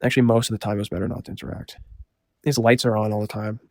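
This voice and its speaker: A man casually telling a story, rambling with lots of filler words and a deadpan delivery. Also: fairly low pitch, racing, no echo, clean studio sound.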